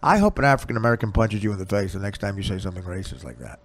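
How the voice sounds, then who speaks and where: A male podcast host in crude, rapid-fire comedy banter, roasting his guest. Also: fairly low pitch, a little hiss or hum.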